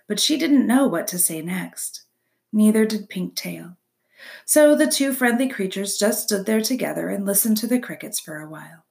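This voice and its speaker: A woman narrating a children's novel aloud in an expressive storybook reading. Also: lowish voice, creaky.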